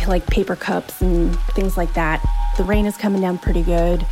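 A woman telling a true spooky story in the first person, in a relaxed, conversational way with casual fillers. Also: mid-range voice.

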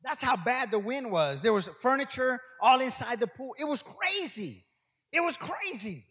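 Older guy guest preaching, high bright voice, rambles then shouts, big echoey church. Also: big pitch swings, normal speed, breathy edge. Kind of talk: sermon. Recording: long hall reverb.

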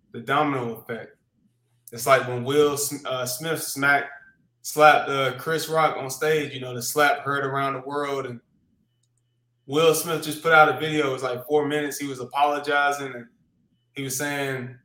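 A man talking casually on a podcast, rambling with restarts and plenty of swearing, growing animated when he retells a story. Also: medium pitch, roomy sound. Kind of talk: casual chat.

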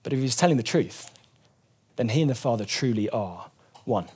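A man's voice: mid-range voice, animated, fairly quick, a little mellow, breathy edge. A man preaching a sermon, earnestly explaining scripture and rising emphatically when he quotes it.

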